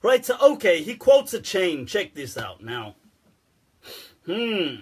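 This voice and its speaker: A man holds forth in a casual, sarcastic rant, breaking into laughter and swearing freely. His voice sits high and has a husky edge. He talks loosely and bluntly. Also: sing-song, takes it slowly. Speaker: Islamic scholar answering questions. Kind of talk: casual ranting commentary.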